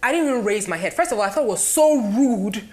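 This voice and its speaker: A woman's voice: on the high side, quick pace. A Ghanaian woman, a guest chatting in an interview, telling stories and acting out the voices of people in them. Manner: animated storyteller acting out quoted voices. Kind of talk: casual interview chat.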